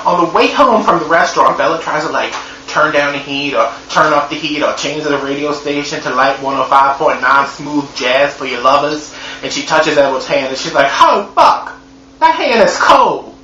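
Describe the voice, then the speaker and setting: Sassy, high-voiced man with a bright tone. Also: normal speed. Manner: sassy, profane, animated storytelling. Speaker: movie reviewer. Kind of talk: comedic movie recap vlog. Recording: echoey room, dull lo-fi sound, faint hum.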